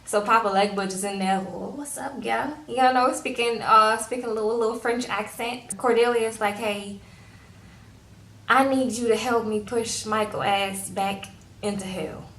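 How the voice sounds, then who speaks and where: A woman's voice: on the high side, fairly even intonation, moderate pace, fairly bright tone. Chatty woman in an echoey room. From Louisiana. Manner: chatty and sassy, acts out characters' lines. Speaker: TV recap vlogger. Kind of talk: casual chat recapping a TV episode.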